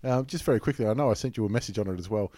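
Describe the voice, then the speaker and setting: A man's voice: on the low side, very fast, warm tone, dry recording, clean studio sound. A man hosting a casual sports chat, sarcastic and teasing. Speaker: podcast host.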